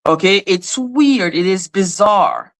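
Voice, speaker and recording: A woman's voice: mid-range voice, animated, slow pace, low-quality recording. A woman hosting a livestream, ranting in a blunt, sarcastic and confrontational way while answering her chat. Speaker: livestream host. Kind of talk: casual livestream rant reacting to chat.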